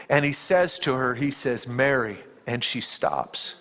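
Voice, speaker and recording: A man's voice: medium pitch, animated, unhurried. Man preaching in a reverberant hall. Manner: dramatic storytelling, dropping to hushed tones and rising to emphatic peaks. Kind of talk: sermon retelling a film scene.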